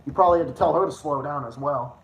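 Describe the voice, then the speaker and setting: A young man hosting a casual livestream, excitable and rambling, swearing often with quick restarts. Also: fairly high pitch. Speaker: livestream host. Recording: echoey room, faint noise.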